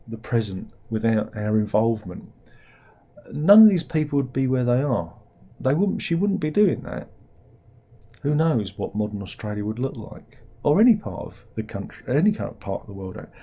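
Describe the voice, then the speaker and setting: A man's voice: medium pitch, mellow, breathy edge. A man hosting a casual satirical news commentary, rambling along with wry, sardonic asides. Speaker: host.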